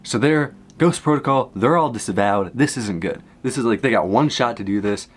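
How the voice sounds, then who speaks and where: A young man casually recapping a movie from memory, rambling and excitable, jumping from low asides to high exclamations. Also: normal speed. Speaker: content creator.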